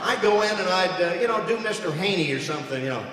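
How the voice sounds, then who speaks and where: A man tells comic stories from a stage, his fairly high voice rising and falling with animated energy. He is heard from across a big echoey hall, with a crowd and steady room noise behind him. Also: fast, recorded from a distance. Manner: animated storyteller slipping into character voices. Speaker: voice actor giving a speech. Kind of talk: comedic keynote speech with impressions. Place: large hall before an audience.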